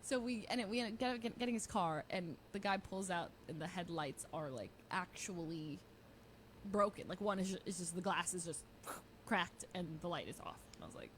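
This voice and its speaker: A young woman casually telling a story on stream, giggling often and quoting people in lively voices. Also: on the low side, brisk, a little hiss or hum. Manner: chatty, giggly, quotes people in animated voices.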